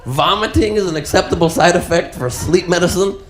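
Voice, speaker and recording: A man's voice: high-pitched, brisk. A male stand-up comedian with a sarcastic, exasperated delivery. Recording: echoey, noisy live club recording.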